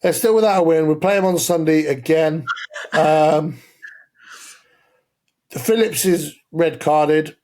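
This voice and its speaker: A man's voice: a little high, slow pace, long pauses, a little mellow. A man co-hosting a casual football podcast, opinionated and sweary, laying out his arguments step by step. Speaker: podcast co-host.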